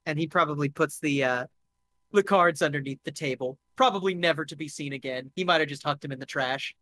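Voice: medium pitch, fairly quick, sharp tone, no echo. Casual, profane tabletop game master. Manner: casual and profane with many fillers.

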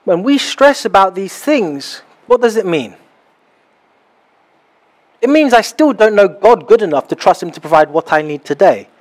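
A young man preaching a sermon in a small house church, animated and acting out little scenes as he talks. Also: high-pitched, moderate pace. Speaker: pastor.

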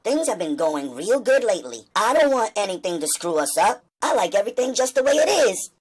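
A woman's voice: mid-range voice, very animated, brisk, slightly rough. A woman reading the part of a young gang leader's girlfriend, anxious and insistent. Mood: worried.

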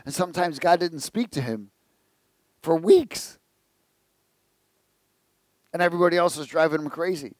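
A man's voice: on the high side, moderate pace, pauses often, no echo. A man preaching a conversational sermon, telling jokes and asking the congregation questions. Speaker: pastor.

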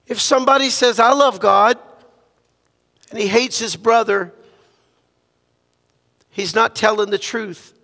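A man's voice: sits high, creaky, fairly bright tone, long reverb tail. A man from Louisiana preaching a sermon as a guest pastor, impassioned and repetitive, moving into prayer. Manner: impassioned preaching, repeats phrases, ends in prayer. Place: church sanctuary.

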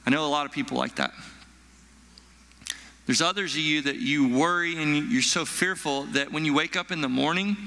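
A male pastor preaching a sermon to his church, animated, acting out frightened people with stammers and sighs. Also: mid-range voice. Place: church hall. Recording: long echo of a large hall.

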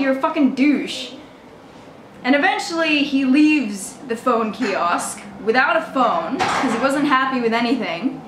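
A woman's voice: high voice, a bit bright. A young woman telling a story on her vlog, swearing freely, laughing often and mocking the people she quotes. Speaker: vlogger. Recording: echoey room with faint noise.

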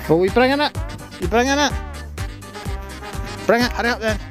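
High-voiced sweary Scottish man. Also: normal speed, over music. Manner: sweary, joking, barks commands at the dog. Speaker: dog-walking live streamer. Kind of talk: casual live-stream chat. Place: outdoors in a park and by roads.

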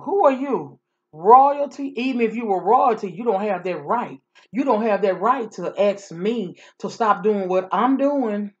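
A woman's voice: medium pitch, dull audio. A woman vlogger chatting casually through a story, sassy and repetitive.

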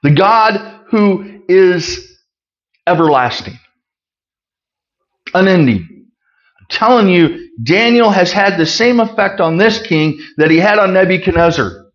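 A man delivers a sermon in a chatty, emphatic way, reading the text and then breaking it down plainly. His voice sits fairly high for a man. The recording is dull and muffled, with little crispness at the top. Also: animated, slow pace, pauses often. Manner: conversational, reads scripture then explains it plainly. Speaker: Bible teacher. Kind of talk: sermon, Bible teaching.

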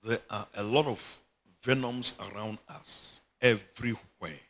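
A man's voice: fairly low pitch, a little slow, fairly bright tone. A middle-aged Ghanaian man preaching a sermon as bishop, emphatic and often breaking into laughter. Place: church chapel.

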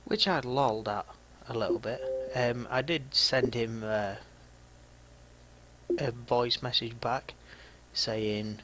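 A man's voice: medium pitch, fairly even intonation, takes it slowly, fairly bright tone, slight background noise, poor audio. A man in his thirties with a Yorkshire accent, a gaming vlogger talking to his viewers in a dry, mocking, chatty way. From Yorkshire, England. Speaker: gaming YouTuber. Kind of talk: casual video commentary.

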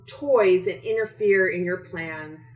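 A woman doing Santa's sister, high and emphatic. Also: takes it slowly, recorded from a distance. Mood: remorseful. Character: Santa's gruff younger sister, turning remorseful. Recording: echoey room.

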